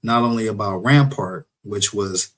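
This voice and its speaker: A man's voice: fairly low pitch, a little slow, low-quality recording. A man hosting a podcast, recapping casually and speaking straight to his viewers. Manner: relaxed, talks straight to the audience. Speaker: podcast host.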